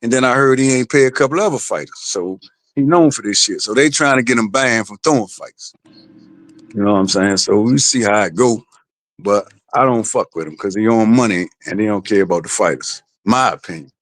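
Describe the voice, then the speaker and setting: A man's voice: lowish voice, lively intonation, brisk, no room sound. A man, the father of a boxer, telling a story in blunt, profane casual podcast talk.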